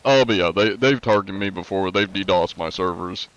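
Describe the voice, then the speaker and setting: A man's voice: deep voice, moderate pace, a bit bright, dull audio. A young man streaming live, chatting casually and answering chat with a laid-back, rambling manner, his nose congested from allergies.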